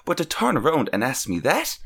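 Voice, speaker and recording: A man's voice: a little high, huge pitch swings, brisk, gravelly, fairly bright tone, husky. Podcast guy telling a story, swears a lot, kinda baffled. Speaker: podcast co-host. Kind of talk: casual podcast chat.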